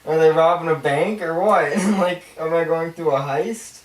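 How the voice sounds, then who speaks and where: Man co-host with a higher voice, casual chat, asking joking questions, recorded in an echoey room. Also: normal speed, slight background noise. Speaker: podcast co-host. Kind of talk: casual group chat about movies. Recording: echoey room, mic from far off.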